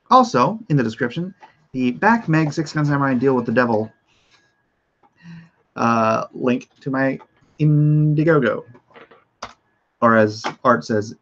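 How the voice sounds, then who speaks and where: A middle-aged man hosts a home livestream in a mid-pitched voice that sounds a little off today. He rambles through asides, fillers and restarts, then reads news items aloud. The audio is dull and lo-fi, like a home stream. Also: a little slow, pauses often. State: voice slightly off. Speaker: host of a livestream show. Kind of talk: casual livestream talk and reading news aloud.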